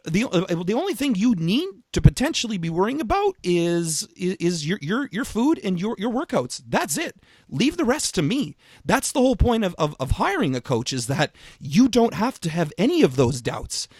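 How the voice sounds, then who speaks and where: A man and fitness coach co-hosting a podcast, talking in an emphatic, energetic way with frequent restarts and repeated words. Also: high voice, moderate pace, slightly rough, dry recording, studio quality. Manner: casual swearing. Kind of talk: casual podcast chat.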